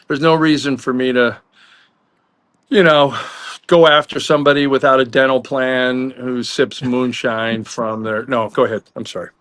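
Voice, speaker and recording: A man's voice: mid-range voice, a bit bright, no room sound. A man co-hosting a sports talk show, chatting casually in a hesitant, self-deprecating way with fillers. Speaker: sports talk co-host and columnist.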